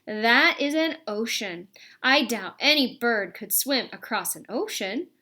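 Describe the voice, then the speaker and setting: A woman voicing a female robot mother in a storybook, speaking in a flat, measured, matter-of-fact way. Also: a little high, heavily acted.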